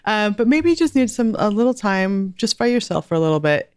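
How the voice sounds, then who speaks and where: A woman's voice: medium pitch, expressive, brisk, hardly any pauses, clear, resonant tone, no echo, clean studio sound. A woman in her forties, a guest author and homeschool mom, chatting earnestly in a podcast interview with light laughs.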